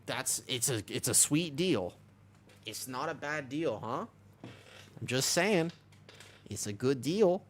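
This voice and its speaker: A man's voice: mid-range voice, animated, takes it slowly, pauses often, a little hiss or hum. A man in his twenties chatting casually on a live stream, rambling and restless, full of restarts and the odd swear word. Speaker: Twitch streamer.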